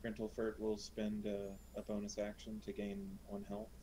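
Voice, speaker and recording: Low-voiced man swearing at the game table. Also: flat delivery, normal speed, dark tone, slight background noise, rough recording. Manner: blunt, swears casually. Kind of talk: casual game chat.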